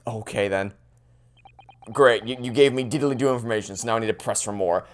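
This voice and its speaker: A man commentating on a game he is playing for the first time, animated and sarcastic. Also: lowish voice, brisk, faint music behind. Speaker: let's play host. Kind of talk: gameplay commentary.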